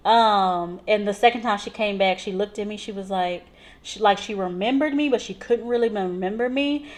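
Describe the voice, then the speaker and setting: A woman nurse telling patient stories in a casual vlog, chatty and animated, full of "like" and "so". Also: mid-range voice, normal speed. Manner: chatty, animated retelling with lots of "like" and "so".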